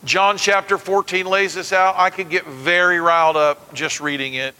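A man preaching a sermon, animated and calling on the congregation to repeat words back to him. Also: sits high, normal speed. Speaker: pastor. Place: church sanctuary. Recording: long reverb of a large hall.

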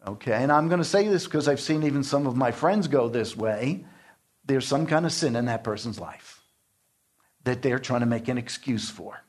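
A man's voice: mid-range voice, breathy edge. An older man teaching a sermon-style Bible class in an emphatic, earnest way, his voice climbing in outbursts.

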